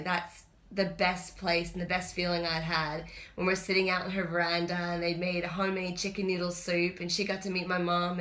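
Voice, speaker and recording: Bright-voiced woman telling her story. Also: on the low side. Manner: chatty, candid storytelling. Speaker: personal trainer. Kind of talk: personal storytelling vlog. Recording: roomy echo.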